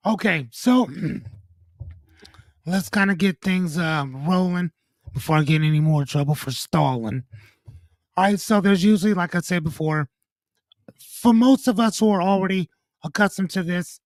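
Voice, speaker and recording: Young guy streaming, high voice, loose and jokey, swears a bit, dry close sound. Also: measured pace, pauses often, no room sound. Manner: loose and joking, reads out chat names and comments; swears casually, breaks off with 'hold on'. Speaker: livestream host. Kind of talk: casual livestream chat with viewers.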